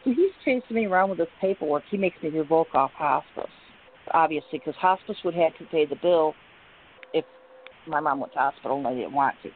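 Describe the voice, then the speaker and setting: A woman's voice: low-pitched, fairly quick. A middle-aged woman telling a long personal story, rambling with many fillers and restarts. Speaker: guest. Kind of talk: emotional personal account. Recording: tinny phone line with faint hiss.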